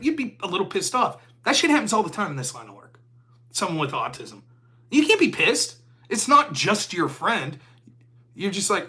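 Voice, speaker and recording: A man's voice: high-pitched, normal speed. A middle-aged American man talking casually as a podcast host, telling stories, acting out dialogue and swearing freely. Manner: animated storytelling, acts out dialogue, swears freely. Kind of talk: casual monologue.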